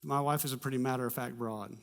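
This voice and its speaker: A pastor preaching a sermon, telling a personal story in a conversational way with humor and animated bursts. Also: male voice, mid-range voice, fast talker, creaky. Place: church.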